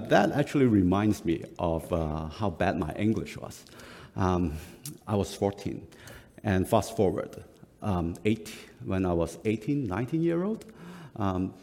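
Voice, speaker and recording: Slow, halting pastor in a reverberant hall. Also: male voice, lowish voice, darkish tone. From Singapore. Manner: slow, halting, with frequent uh fillers and self-corrections. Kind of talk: sermon. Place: church hall. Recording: long reverb of a large hall.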